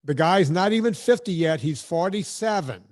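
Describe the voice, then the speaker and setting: A man's voice: on the high side, animated, normal speed. A man hosting a podcast, ranting bluntly and sarcastically in casual chat. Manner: blunt, sarcastic, emphatic rants. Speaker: podcast host.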